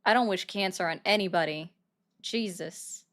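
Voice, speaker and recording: A woman's voice: on the low side, moderate pace. A woman hosting a live call-in stream about politics, talking to callers in a sarcastic, mock-innocent way. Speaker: stream host.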